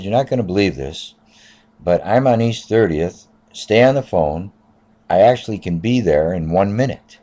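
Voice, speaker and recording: A man in his fifties, a taxi driver, telling a personal story in a casual, rambling way, often repeating "I said" and filling pauses with "uh". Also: deep voice, mellow. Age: 50s.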